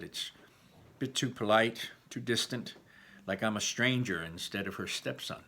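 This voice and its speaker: A man, a teacher, reading a first-person novel aloud with expressive storytelling. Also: lowish voice.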